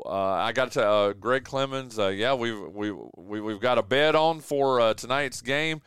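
A man hosting a local sports radio show, excitable and quick to laugh, calling everyone "dude". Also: medium pitch, clean tone, no echo, clean studio sound. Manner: excitable, laughs often, says "dude" a lot. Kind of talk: casual sports radio chat. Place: radio studio. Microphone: studio microphone.

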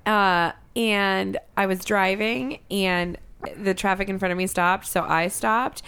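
A woman's voice: medium pitch, fairly even intonation, measured pace, creaky, fairly bright tone, smooth. A young woman telling a story in casual podcast chat, swearing freely and acting out other people's voices. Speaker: podcast co-host.

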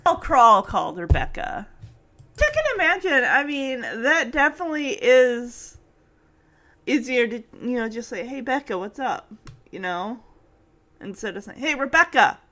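Chatty woman on a podcast, kinda high voice, swoops up and down a lot, laughs a bunch. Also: measured pace. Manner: animated, chatty, laughs often, quotes characters. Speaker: podcast host recapping a sitcom episode. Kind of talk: casual chat.

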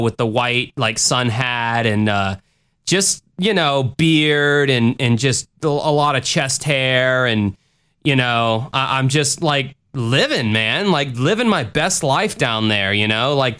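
Profane, rambling podcast host. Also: male voice, mid-range voice, smooth. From Florida. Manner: profane, rambling, animated rants. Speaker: podcast host answering listener questions. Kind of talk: casual podcast rant.

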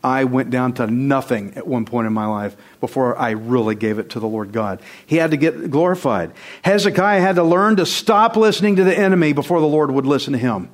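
A man's voice: mid-range voice, lively intonation, brisk, few pauses. A male pastor preaching a sermon, emphatic and conversational, firing rhetorical questions straight at his congregation. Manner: conversational, direct address to the congregation.

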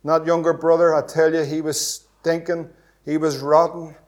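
Male pastor with a high voice, impassioned sermon with big loud and hushed swings. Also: flat delivery, normal speed. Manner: impassioned, rhetorical questions, sudden swings between loud and hushed. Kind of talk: evangelistic sermon.

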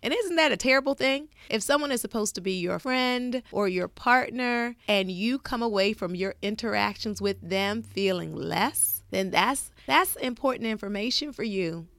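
A middle-aged woman therapist giving a gentle, encouraging self-help talk. She often checks in with listeners by asking "right?". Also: medium pitch, moderate pace, creaky, few pauses, dry recording, studio quality. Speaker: therapist and podcast host.

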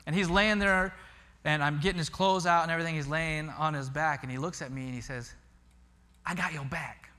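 A male pastor preaching with a bright, ringing voice that sits a little high for a man. He tells stories in an animated way and often doubles words as he speaks. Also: fairly quick, clean tone. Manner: animated storytelling with repeated words. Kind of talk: sermon.

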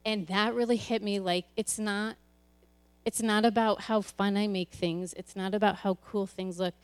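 A woman's voice: mid-range voice, steady tone, normal speed, clear, resonant tone. A woman who leads a church's children's ministry, giving a candid, conversational personal testimony to a congregation, often restarting her sentences.

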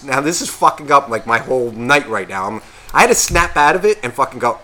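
A podcast co-host with a fairly high-pitched voice speaks briskly as he casually tells a long story. He swears constantly and animatedly acts out what everyone said.

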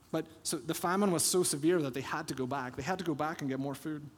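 A man preaching a sermon as pastor, telling a Bible story with lively acted-out quotes. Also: on the high side, fairly quick, few pauses. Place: church sanctuary. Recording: long church hall reverb.

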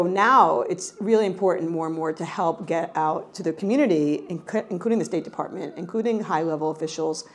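A middle-aged woman from New York, a researcher answering interview questions in a lively, conversational way, often restarting her sentences. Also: fairly low pitch. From New York, United States. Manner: animated, frequent self-corrections and restarts. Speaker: cultural psychology researcher.

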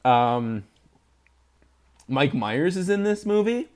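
A man's voice: on the high side, big pitch swings, slow pace, darkish tone, clean tone. A man co-hosting a podcast, chatting casually about movies, laughing often and making fun of himself. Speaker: podcast co-host. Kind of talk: casual movie-review chat.

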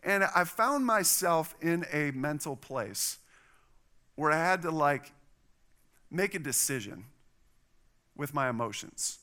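Slow and pausing often, a middle-aged pastor with a voice on the high side preaches a sermon. He tells a personal story animatedly and mimics the voices of the people he describes.

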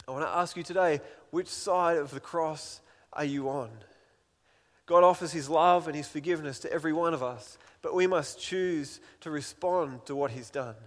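A man's voice: fairly high pitch, normal speed. Earnest man preaching in a reverberant hall. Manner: earnest, pleading, acts out scripture voices. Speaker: pastor. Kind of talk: sermon.

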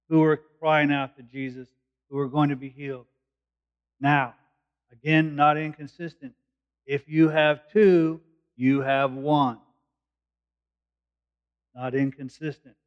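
A man working through a scripture passage like a teacher, explaining in a casual, conversational way. His voice sits a little high. The recording is muffled and lo-fi. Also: clear, resonant tone. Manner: conversational, explanatory, thinking aloud. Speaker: preacher. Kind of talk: verse-by-verse Bible teaching.

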